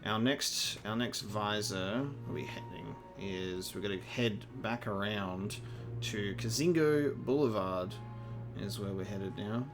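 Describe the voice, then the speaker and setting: A man's voice: lowish voice, a little slow, music in the background. Laid-back Australian man streaming a game. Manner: laid-back, rambling with fillers. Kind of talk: casual co-op gaming chat.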